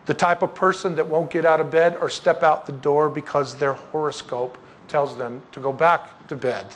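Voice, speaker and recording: A man with a notably high voice teaches scripture at an evening Bible study. He is animated and chatty, tossing out rhetorical questions and joking asides as he works through the verses. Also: normal speed, a little hiss or hum.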